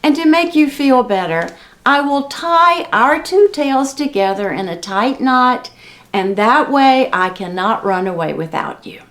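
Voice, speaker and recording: A woman's voice: sits high, expressive, measured pace, a bit bright, full character voice. A woman voicing a sly male jackal who coaxes and doubts in a storybook tale. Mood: skeptical. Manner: skeptical, coaxing.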